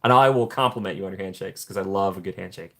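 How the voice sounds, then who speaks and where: A man hosting a casual live stream, chatting warmly with viewers and greeting them by name from the chat. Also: low voice, fast talker. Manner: playful put-on excited voices when joking. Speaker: livestream host reading chat.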